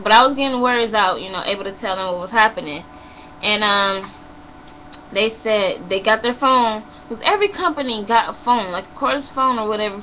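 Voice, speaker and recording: A young woman vlogger telling a personal story in a blunt, animated way, swearing freely and saying "you know" a lot. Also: on the high side, slight background noise, poor audio. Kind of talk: casual emotional storytelling.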